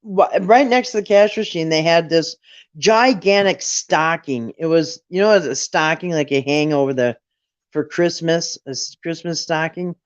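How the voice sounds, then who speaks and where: Middle-aged guy rambling through a story, kinda high voice, dull dry lo-fi sound. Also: a little slow, clear, resonant tone, no echo. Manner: rambling, restarts often, quotes his own thoughts. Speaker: storyteller on a late-night chat. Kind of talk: casual storytelling.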